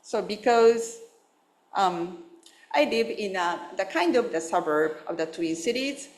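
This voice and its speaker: A woman minister speaks at a slow, gentle pace, telling a personal story in her dharma talk. Her voice sits at a middle pitch, and the hall gives it a roomy echo. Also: lively intonation. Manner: gentle, unhurried storytelling with fillers. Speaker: Buddhist minister.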